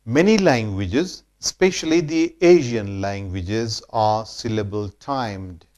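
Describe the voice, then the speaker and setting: A man from India gives a slow, deliberate, scripted English pronunciation lesson, repeating example words as a drill. His voice sits on the low side and is a little mellow.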